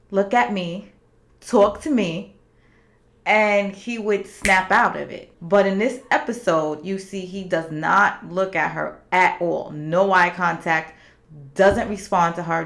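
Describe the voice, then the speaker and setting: A woman's voice: on the low side, a bit bright. A woman reviewing a TV series finale in a casual, opinionated recap. She talks straight to her viewers and drops into the characters' lines as she retells scenes. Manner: chatty and opinionated, with asides to viewers.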